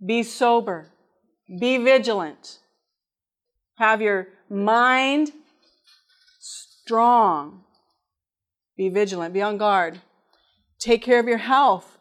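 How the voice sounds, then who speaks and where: A woman preaching with a slightly high voice. She tells a personal story, acting out the dialogue, then turns it into teaching points. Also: very slow, pauses often. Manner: lively storytelling that acts out dialogue.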